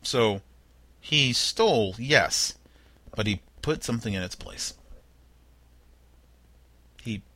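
Animated, bright-voiced man joking through news. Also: mid-range voice, takes it slowly, pauses often, no echo. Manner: wry, jokey asides while reading headlines; mock-dramatic voices for imagined people. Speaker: podcast host. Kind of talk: comedic news roundup.

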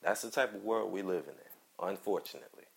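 An angry man rants solo on his own podcast in a low, creaky voice that moves a little fast. His commentary is heated, profane and repetitive.

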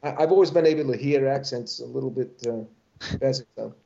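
A man's voice: mid-range voice, a little fast, creaky, dark tone. Chatty man on a dull lo-fi line. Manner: rambling, self-correcting, playful. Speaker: voice actor guest. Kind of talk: casual interview chat. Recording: dull lo-fi sound.

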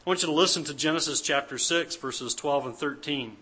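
Bright-voiced male pastor preaching. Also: a little high, a little fast, few pauses, slightly rough. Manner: earnest, emphatic, repeats key phrases. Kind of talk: sermon. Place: church service.

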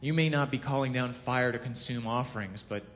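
A man giving a casual sermon, telling a scripture story with lively acted-out quotes and frequent self-corrections. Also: brisk. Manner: animated storytelling, acts out quotes with rising pitch and volume; self-corrects, chuckles at own jokes. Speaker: preacher. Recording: long hall reverb.

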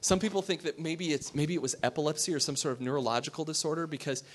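A pastor giving a sermon. He talks in a conversational way, asks his listeners questions and drops to a hush for emphasis. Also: on the high side, quick pace.

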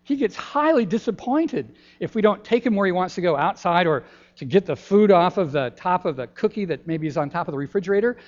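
An older man, a pastor giving a gentle, folksy children's sermon in a church, pausing often with ums. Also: sits high, expressive. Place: church sanctuary. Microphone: handheld microphone. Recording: dull lo-fi church recording.

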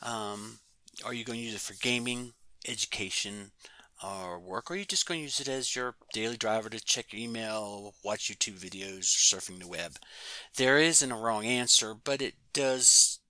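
A man's voice: lowish voice, normal speed, pushed and bright, no room sound. A man co-hosting a casual podcast, talking in a loose, rambling way with fillers. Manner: rambling, many fillers and restarts. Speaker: podcast co-host.

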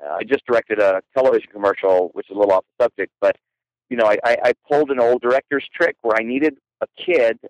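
A man from Canada, a guest photographer, telling stories in a playful, animated way in a podcast interview. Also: medium pitch, quick pace, no echo, dull audio. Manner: animated, playful, frequent laughter.

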